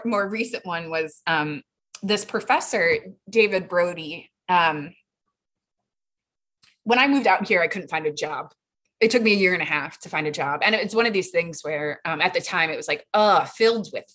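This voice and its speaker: A woman in her thirties sharing her recovery story in a chatty, animated way, full of fillers and acted-out quotes. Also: mid-range voice. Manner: chatty and animated, quotes others in raised voices, frequent fillers. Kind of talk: casual personal storytelling.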